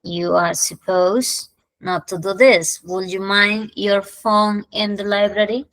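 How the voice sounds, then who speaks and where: A woman with a Peruvian Spanish accent teaches English at an unhurried pace, switching between Spanish and English. She stretches out each example sentence slowly and clearly. The recording is dry and close, with no room echo. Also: medium pitch, steady tone, fairly bright tone. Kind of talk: online English lesson.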